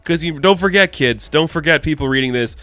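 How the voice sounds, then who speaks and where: A man's voice: fairly high pitch, a little fast, pushed and bright, no echo. A man giving a casual comic book review, chatty and loose, full of "like" and "you know".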